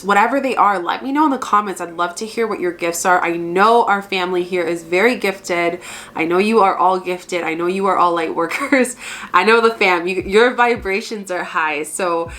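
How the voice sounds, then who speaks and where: A woman's voice: mid-range voice, fairly bright tone. A young woman hosting a spiritual channel, talking earnestly and gushingly to her viewers, often repeating herself. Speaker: spiritual coach and channel host. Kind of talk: casual talk to camera.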